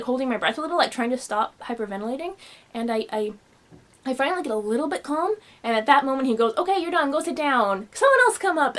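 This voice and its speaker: A young woman telling a personal story in a home vlog, animated and expressive, acting out the quotes. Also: a little high. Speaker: vlogger. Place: home room.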